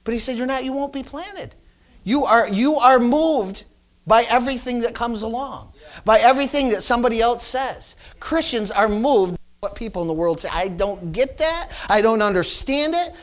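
A man's voice: very high-pitched, normal speed. A man, a pastor, preaching a sermon and calling out to his congregation with frequent amens and rising emphasis.

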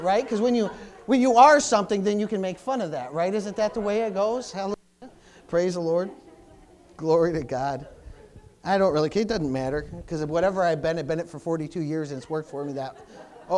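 A man in his forties preaching a sermon to a congregation as pastor, animated and conversational, peppering his talk with praise interjections. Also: fairly high pitch. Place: church before a congregation.

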